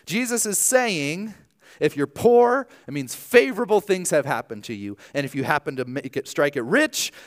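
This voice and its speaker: A male preacher from Ohio giving a sermon. His voice swings between quiet, almost whispered lines and loud, energetic emphasis. The delivery stays lively and conversational. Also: fairly high pitch, normal speed. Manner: animated, dropping to hushed tones. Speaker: pastor.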